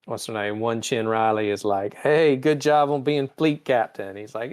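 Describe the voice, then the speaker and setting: A man's voice: mid-range voice, a little mellow. Man casually recapping an episode. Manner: recaps scenes in quick mimicked voices. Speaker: podcast host.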